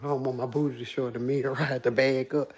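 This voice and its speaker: A woman's voice: very deep voice, little pitch movement, quick pace, darkish tone, soft background music. A woman with a country Memphis accent hosting a casual livestream, chatting and answering viewer comments aloud. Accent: Memphis Southern. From Memphis, USA. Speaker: livestream host.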